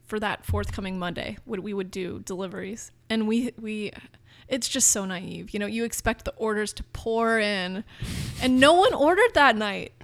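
A woman in her thirties from Northern California talks about her food business in a casual interview. She is eager and chatty, often restarting her sentences, and her voice sits at a mid pitch. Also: steady tone, moderate pace, creaky, few pauses. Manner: enthusiastic, chatty with frequent restarts.

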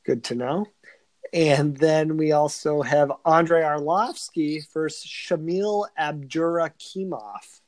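A man's voice: fairly high pitch, slow pace, dry recording. A man co-hosting a podcast, running through fight news in a matter-of-fact way. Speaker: podcast co-host. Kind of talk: casual news rundown.

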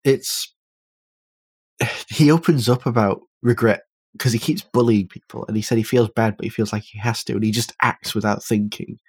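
Thoughtful low-voiced British man. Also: steady tone, moderate pace, darkish tone, husky, no echo. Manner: thoughtful, analytical, hesitant restarts. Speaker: podcast host. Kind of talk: casual film discussion.

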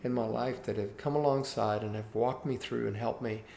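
Earnest older man with gravelly voice. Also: mid-range voice, moderate pace. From Cuba. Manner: earnest, animated anecdote telling. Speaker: guest. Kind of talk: interview storytelling. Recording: roomy echo with faint background hiss.

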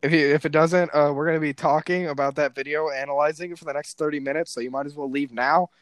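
A man's voice: on the high side, steady tone, smooth, no room sound. Joking man on a casual podcast. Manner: joking, swearing, quick to laugh. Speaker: podcast co-host. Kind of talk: casual chat. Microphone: not his usual microphone.

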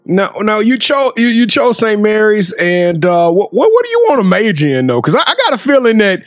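High voiced guy hosting a sports chat show, hypes his guest up, stumbles over words, dry close sound. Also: big pitch swings, brisk, no room sound. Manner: playful, hypes the guest, stammers and repeats words. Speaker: host. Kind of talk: casual interview.

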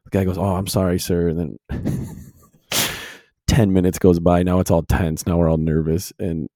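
A young man with a deep, warm voice co-hosts a casual podcast. He tells lively stories and jumps into louder voices for the people he quotes. The sound is dry and close. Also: normal speed, dry recording. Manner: animated storyteller, acts out quotes loudly. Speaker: podcast co-host. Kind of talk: casual chat.

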